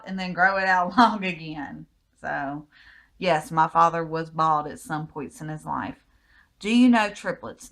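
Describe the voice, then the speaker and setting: A woman's voice: lowish voice, fairly bright tone. An American woman with a Southern accent, answering a list of personal questions in a casual vlog with easygoing, rambling replies. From United States. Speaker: vlogger.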